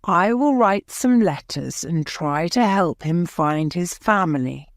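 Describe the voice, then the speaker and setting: A woman voicing a gentle, kind mother in an audiobook, speaking softly. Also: lowish voice, animated, slow pace, no echo, clean studio sound. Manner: soft and kind.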